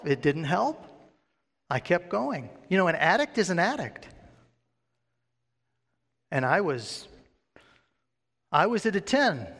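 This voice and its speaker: A man's voice: on the high side, a bit bright. A man preaching a sermon built on his own testimony, earnestly putting questions to his listeners and acting out his past thoughts. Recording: long hall reverb.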